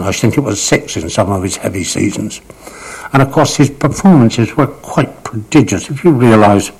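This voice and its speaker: An older man's fairly low, darkish voice comes through poor audio as he reminisces about cricket. Telling his anecdotes with drama and vivid detail, this raconteur holds onto certain words to give them weight.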